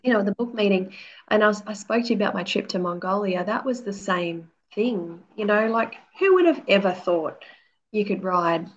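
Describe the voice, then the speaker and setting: A woman's voice: mid-range voice, animated, normal speed, slight background noise. A woman in her forties, an author telling stories as a guest in casual interview chat, peppering her talk with "you know" and acting out quotes. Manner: chatty storyteller, many "you know"s, acts out quotes. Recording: slightly dull lo-fi audio.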